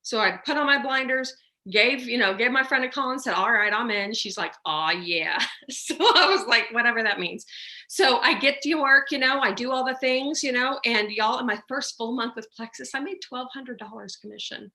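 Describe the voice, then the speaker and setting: A bright, fairly high-voiced woman. She tells her personal story in a chatty, animated way, filling it with little fillers and acting out what people said to her. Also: moderate pace. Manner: chatty, storytelling, many fillers and acted-out quotes. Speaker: guest sharing her business story. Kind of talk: personal testimony on a livestream.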